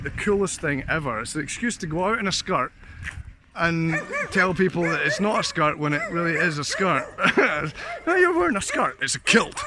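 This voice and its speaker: A man's voice: on the high side, noisy background. A Scottish man vlogging in a casual, jokey monologue, full of fillers and laughs. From Scotland. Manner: chatty, jokey, laughs often, many fillers. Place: living in a Slovak village.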